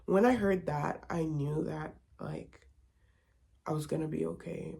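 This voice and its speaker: Gravelly, husky young woman. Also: deep voice, fairly even intonation, measured pace, dark tone. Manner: candid, confiding storytelling. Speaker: vlogger. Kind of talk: personal testimony vlog.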